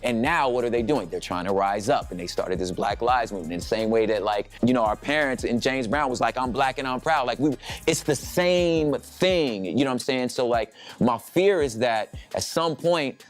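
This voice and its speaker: A man's voice: medium pitch, a little fast, hardly any pauses, soft background music. A man speaking earnestly and reflectively about history.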